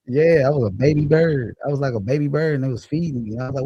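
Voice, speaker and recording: A man's voice: medium pitch, a little fast, creaky, pauses often, warm tone, highs cut off, slight background noise. A man hosting a casual livestream, chatting loosely and profanely and laughing as he reads viewer comments. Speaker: livestream host. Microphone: phone or computer mic.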